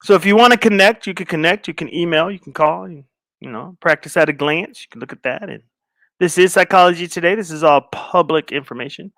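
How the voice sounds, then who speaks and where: A man's voice: on the high side, fairly quick, gravelly, a bit bright, dry recording, studio quality. A man hosting a casual livestream, rambling and distracted as he talks to viewers in chat. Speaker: livestream host.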